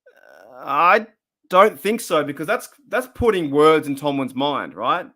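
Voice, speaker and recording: An Australian man hosts a casual fan livestream, his voice on the high side, animated, a little slow, pushed and bright. Chatty and rambling, he reads out viewer comments as he goes.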